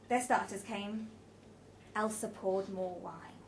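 A woman narrating a story in an even, measured reading voice. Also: on the high side. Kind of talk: audiobook narration.

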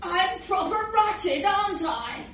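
A woman's voice: very high voice, animated, takes it slowly, pitched above the performer's own voice, heavily acted. A woman voicing a boastful, laddish male reindeer who turns whiny when cornered. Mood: sulky. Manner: loud, boastful, laughing through lines. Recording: echoey room, distant mic, faint hiss.

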